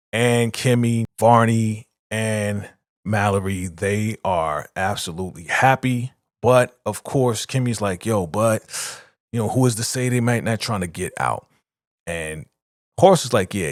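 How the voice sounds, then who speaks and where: A man hosting his own channel, casually recapping a TV episode and quoting the characters in quick animated bursts. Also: on the low side, no room sound, studio quality. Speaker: show reaction host.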